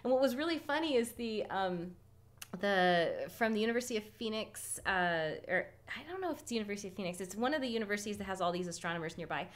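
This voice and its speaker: A woman's voice: medium pitch, fast talker. Chatty woman hosting a stargazing livestream. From California. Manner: chatty, laughs often, lively storytelling. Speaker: astronomy club host. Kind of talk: casual livestream stargazing talk. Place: outdoors at night.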